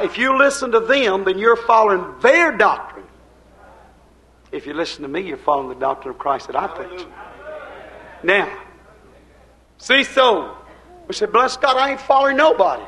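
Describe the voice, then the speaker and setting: An older preacher man delivering a fervent sermon. His voice sits fairly high, and he swings from loud, pushed lines to near-murmured asides. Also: rough recording. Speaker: pastor.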